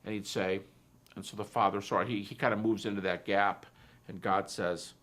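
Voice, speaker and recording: A man with a somewhat low voice gives a personal testimony. He talks in a reflective, soft-spoken way and often sinks almost to a hush. He retells his conversations as dialogue. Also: fairly even intonation, moderate pace. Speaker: Christian philosopher giving a talk.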